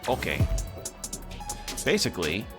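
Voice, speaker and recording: A male streamer with a deep voice gives loose, animated commentary while he plays, swinging widely between low grumbles and sharp outbursts and swearing freely. Faint game music plays in the background. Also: a little slow. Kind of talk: casual gameplay commentary.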